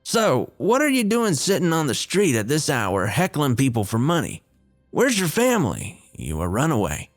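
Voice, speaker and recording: A man voicing a kind but stern fishing guide in his forties, with a Southern Florida accent and a gruff, fatherly, folksy way of talking. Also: a little high, wildly swooping pitch, moderate pace, faint music behind, pitched above the performer's own voice. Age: 40s.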